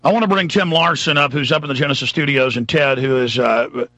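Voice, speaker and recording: Man, talk radio host, emphatic rant, bright tone, dry sound. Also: medium pitch, a little fast, no echo, muffled recording. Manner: emphatic, ranting.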